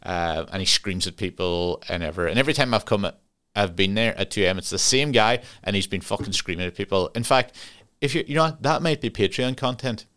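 A man's voice: lowish voice, brisk, fairly bright tone. A young Irish man hosting a podcast alone, rambling and swearing casually, often laughing at his own tangents. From Ireland. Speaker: podcast host. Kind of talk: casual solo podcast chat.

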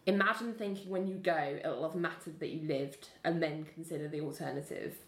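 A woman casually chatting as a podcast co-host, animatedly retelling scenes and acting out characters' lines in quick voices. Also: low voice, echoey room. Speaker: podcast co-host recapping a TV series. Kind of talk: casual chat.

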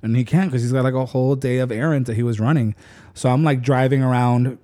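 A man's voice: mid-range voice, quick pace. A man telling a rambling story in casual chat, filling it with "like" and acting out his own lines. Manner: rambling, animated retelling with lots of "like".

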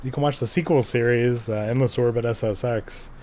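A man's voice: mid-range voice, steady tone, brisk, warm tone. A man co-hosting a podcast, talking in easygoing casual chat with some fillers. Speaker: podcast co-host.

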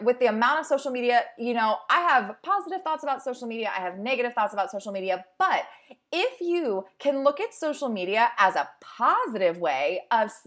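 A woman's voice: a little high, a bit bright. A young adult woman, a fitness instructor and host, giving an upbeat, encouraging motivational talk in a conversational way. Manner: upbeat, encouraging, conversational with acted-out inner voices. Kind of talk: motivational monologue.

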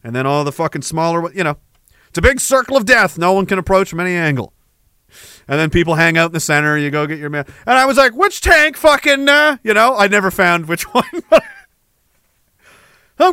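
A middle-aged man hosting a podcast, ranting with heavy profanity and jumping between war stories and shouted quotes. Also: sits high, expressive, quick pace, no room sound. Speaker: podcast host. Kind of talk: ranting monologue.

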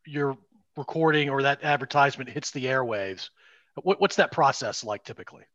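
A man's voice: mid-range voice, normal speed, a bit bright, no echo. A man hosting and producing a podcast, asking questions in a friendly, upbeat way. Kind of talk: casual interview. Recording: dull, muffled sound.

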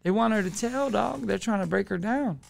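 A man's voice: sits high, fairly quick, creaky. A man, telling a story as a podcast guest in profane street slang. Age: 20s. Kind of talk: casual storytelling.

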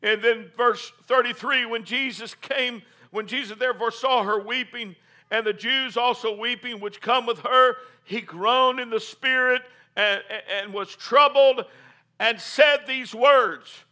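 High bright-voiced preacher. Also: male voice, steady tone, measured pace. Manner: reads scripture then builds to loud, fervent preaching; calls for congregation responses and says amen. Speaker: pastor. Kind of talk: sermon.

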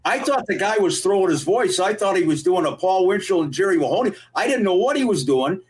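A man co-hosting a podcast, telling stories with a lively, animated delivery. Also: high-pitched, fairly quick, rough recording. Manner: lively, animated anecdote teller. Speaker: podcast co-host. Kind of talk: storytelling chat.

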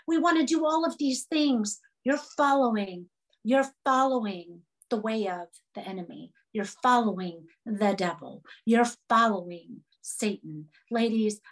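A woman preaching a sermon to a women's group, emphatic and repetitive. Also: on the high side.

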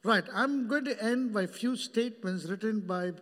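Man preaching, high voice, lively, teasing the congregation, long hall reverb. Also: moderate pace. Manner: animated, jokes with the congregation by name. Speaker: pastor. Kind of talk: sermon. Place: church hall.

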